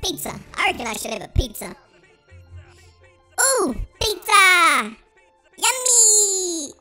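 A gaming channel host giving bubbly, giggly, excited commentary in a high, pitch-shifted chipmunk-style voice. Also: slow, soft background music.

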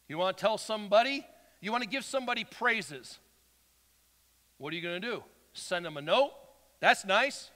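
A man preaching a sermon as pastor, swinging from loud exhortation to quiet asides and acting out quotes. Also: sits high, expressive, brisk. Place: church sanctuary. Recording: long hall reverb.

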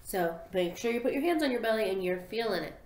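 A young woman teaching a phonics lesson to small children, sounding out letters slowly and in a sing-song way. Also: medium pitch, lively intonation, darkish tone. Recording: echoey room.

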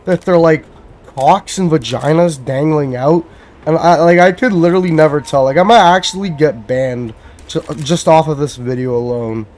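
A man's voice: a little high, moderate pace, a little mellow. A young man from Canada, giving casual, profane commentary as he plays and talks to himself. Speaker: gamer.

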